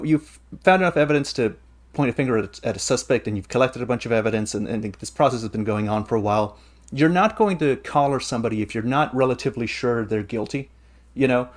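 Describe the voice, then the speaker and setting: A man of middle pitch hosts a casual podcast, talking things through in long, eager, rambling explanations. His talk is loose and conversational, circling back on itself as he builds his point. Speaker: podcast host.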